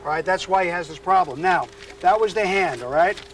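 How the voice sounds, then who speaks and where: A man with a somewhat bright voice talks a little fast over slight background noise. As a dog trainer doing an on-location demo, he casually explains a temperament test to a couple, turning high and sing-song to coax the dog.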